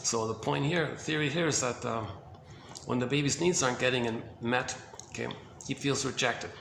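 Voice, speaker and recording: A man's voice: mid-range voice, moderate pace, vocal fry, a bit bright, reverberant, slight background noise. A man giving an informal lecture on psychoanalysis, talking emphatically with lots of repetition and fillers.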